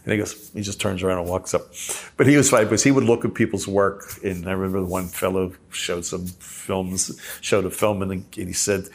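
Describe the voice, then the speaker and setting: A man's voice: low voice, husky. A man, a professor and filmmaker, telling a rambling anecdote in an oral history interview. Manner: rambling storyteller, quick asides.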